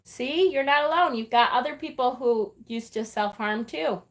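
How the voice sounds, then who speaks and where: This is a middle-aged woman hosting an informal live stream in a slightly high, fairly bright voice at a moderate pace. Her manner is chatty and loving, with plenty of fillers and emotional asides.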